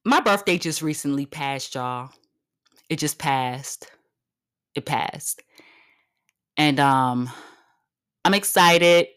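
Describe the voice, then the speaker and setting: A woman's voice: low voice, slow, long pauses, a bit bright, clean tone. A woman in her thirties hosting a podcast, delivering a blunt, profanity-laced comedic rant and hammering her points home by repeating lines. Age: 30s. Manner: brash, profane and emphatic, repeating lines for punch; blunt and confrontational. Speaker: podcast host.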